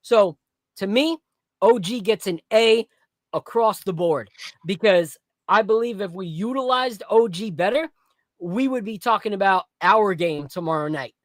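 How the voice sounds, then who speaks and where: A podcast host in casual chat about basketball and whiskey, blunt and animated, with plenty of slang. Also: medium pitch, unhurried, dry recording, clean studio sound.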